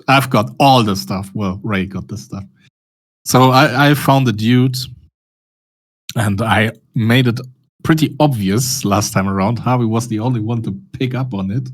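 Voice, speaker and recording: A man chatting casually with friends about trading. He laughs easily and swears casually. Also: lowish voice. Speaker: trader in a group voice chat. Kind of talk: casual chat.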